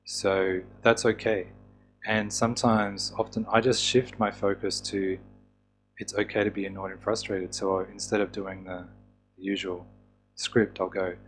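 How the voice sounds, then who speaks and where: A man teaching a course on tapping therapy in a relaxed, casual way, with fillers and restarts. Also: on the low side, unhurried, faint music behind. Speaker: EFT teacher.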